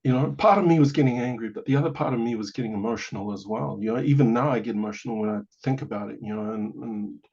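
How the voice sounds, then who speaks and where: A gravelly, husky New man in his forties tells his story as a podcast guest. He keeps it animated and sprinkles his talk with casual asides. The audio sounds a bit dull and lo-fi. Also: medium pitch, fast, few pauses. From New Zealand. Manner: animated, acts out quoted voices, many "you know" asides. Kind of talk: personal storytelling in a conversation.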